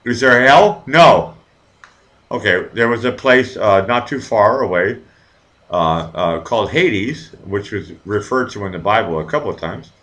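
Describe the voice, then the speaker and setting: A man's voice: lowish voice, unhurried, poor audio. A man hosting a live talk show, rambling and swearing freely as he tells stories. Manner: rambling, profane, animated storytelling. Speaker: show host. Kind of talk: casual live chat.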